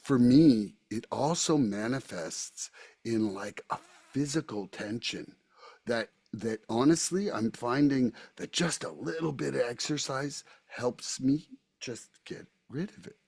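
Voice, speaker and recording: A man's voice: mid-range voice, unhurried, creaky, a little mellow, husky. Candid, casual man talking recovery. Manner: candid, casual, repeats words. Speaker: podcast host. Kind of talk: recovery podcast conversation.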